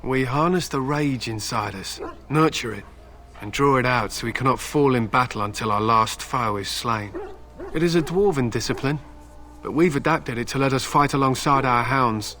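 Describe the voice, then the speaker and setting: Guy doing a proud stern warrior in a game, crisp bright tone, blunt and solemn, tells old legends like it's serious business. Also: medium pitch, moderate pace, soft background music, natural voice. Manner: solemn storytelling, blunt threats. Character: stern proud male warrior, hound handler. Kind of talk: video game dialogue.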